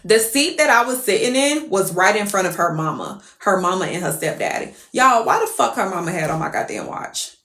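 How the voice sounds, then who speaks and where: A woman's voice: mid-range voice, big pitch swings, fairly quick, hardly any pauses, a bit bright, echoey room. A woman telling a story casually to her viewers, profane and exclamatory.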